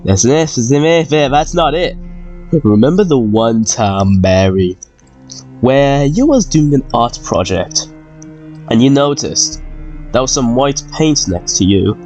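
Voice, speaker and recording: A young man in loud, crude gaming banter whose voice swings widely in pitch. He jokes and yells at friends over a headset as he plays. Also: slow, faint music behind. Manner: loud, crude, animated joking. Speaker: gamer.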